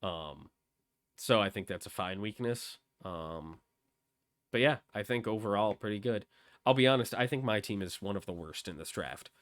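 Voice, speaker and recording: A man's voice: on the low side, animated, normal speed, fairly bright tone, dry recording, clean studio sound. A man hosting a casual discussion, talking in a hesitant way with many ums. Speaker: host.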